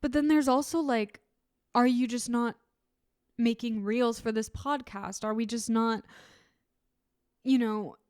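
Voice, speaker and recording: A woman's voice: fairly high pitch, fairly even intonation, measured pace, pauses often, darkish tone, no room sound, studio quality. A young adult woman co-hosting a podcast in casual chat, talking candidly and saying "like" a lot. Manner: candid, chatty, heavy use of "like". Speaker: podcast co-host.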